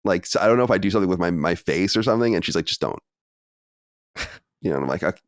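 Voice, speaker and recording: Deep-voiced man hosting a podcast. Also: lively intonation, racing, dry recording, studio quality. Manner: loose, rambling, self-deprecating. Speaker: podcast host. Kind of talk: casual podcast chat.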